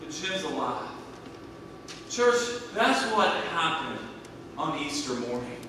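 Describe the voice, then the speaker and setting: A man in his thirties preaching a sermon, swinging between hushed and loud, emphatic delivery. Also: fairly high pitch, big pitch swings, takes it slowly, noisy background. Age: 30s. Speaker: pastor. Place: church sanctuary. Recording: echoey church hall from a distant mic.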